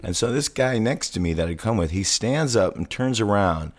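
A man's voice: fairly low pitch, normal speed. A man on a podcast, telling stories in casual chat and acting out the people he quotes. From Kansas City area. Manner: animated, acts out quotes loudly. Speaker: podcast guest.

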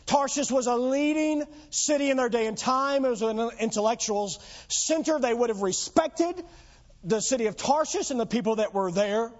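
A man's voice: extremely high pitch, normal speed, highs cut off. A man preaching a sermon as pastor, emphatic and full of rhetorical questions to the congregation.

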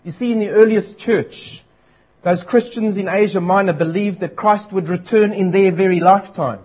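A man delivers an earnest, urgent sermon, repeating his key lines for weight. His voice sits high and a little husky. The recording is dull and lo-fi. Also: steady tone, normal speed. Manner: earnest, urgent preaching with emphatic repetition. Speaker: preacher.

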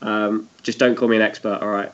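A man's voice: on the low side, little pitch movement, brisk, muffled recording. A man joining a sports podcast as a guest, hesitant and self-deprecating with small chuckles. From United Kingdom. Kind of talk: casual podcast chat.

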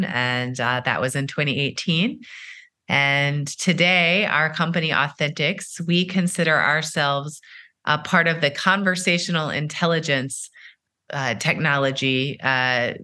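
A middle-aged woman, a company founder, giving measured, explanatory answers in a podcast interview, with many "uh"s and "you know"s. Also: rumbling low, pushed and bright.

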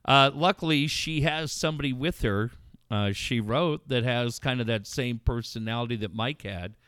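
A man's voice: medium pitch, normal speed, smooth, no echo, clean studio sound. A middle-aged man telling a story in casual, profane podcast talk, acting out the voices of the people in it. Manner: profane, animated storyteller who acts out voices.

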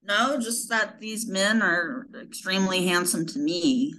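Podcast lady chatting, bright clear tone, kinda unsure, trails off. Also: mid-range voice, a little slow, poor audio. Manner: hesitant, trails off. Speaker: podcast co-host. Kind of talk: casual chat.

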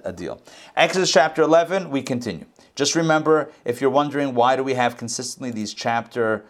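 A man giving an informal scripture lesson as a Bible teacher, talking conversationally and dropping jokey asides. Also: mid-range voice.

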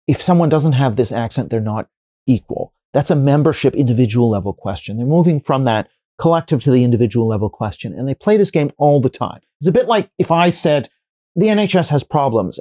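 A man speaks in a mellow, unhurried timbre, recorded dry and close with no room sound. He is a professor giving a long interview answer, reasoning aloud through examples and hypotheticals. He often stops and restarts a sentence while shaping the next point. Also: medium pitch, no room sound. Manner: explanatory, builds arguments with examples and hypotheticals; frequent restarts and fillers while thinking.

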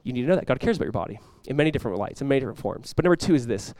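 A man's voice: medium pitch, lively intonation, racing, darkish tone, dry recording. A man preaching a sermon as pastor, talking casually with the congregation and rising into emphatic bursts.

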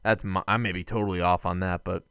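A young male podcast co-host talking fights with rambling enthusiasm, often stopping to correct himself. His voice is rich and smooth, slightly lower than most. The sound is dry, with almost no room in it. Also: fairly even intonation, quick pace, fairly bright tone, no echo, muffled recording. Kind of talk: casual sports chat.

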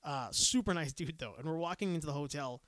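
A man's voice: a little high, fast talker, fairly bright tone, no room sound, studio quality. A man from Canada, co-hosting a casual chat, joking and acting out people in raised voices. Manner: joking, acts out characters in raised voices, laughs often. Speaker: podcast co-host.

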